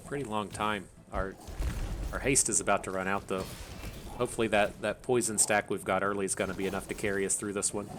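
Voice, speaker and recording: A man's voice: lowish voice, fairly even intonation, a little fast, music in the background. A man hosting his gaming channel, thinking aloud in chatty, casual commentary and laughing at his own tangents.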